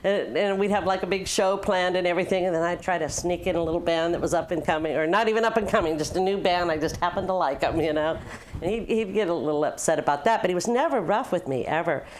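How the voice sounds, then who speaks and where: An older woman speaking in a notably low voice, reminiscing in a documentary interview. She tells her stories with laughter breaking in, unhurried and personal. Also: slight background noise. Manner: warm storytelling with frequent laughs. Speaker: former nightclub owner.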